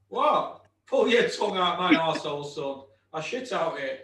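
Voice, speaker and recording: A man's voice: a little high, big pitch swings, measured pace, a bit bright, recorded from a distance, a little hiss or hum. Sweary man in an echoey room. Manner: blunt, sweary, mock-aggressive banter. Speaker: host. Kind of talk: casual podcast chat.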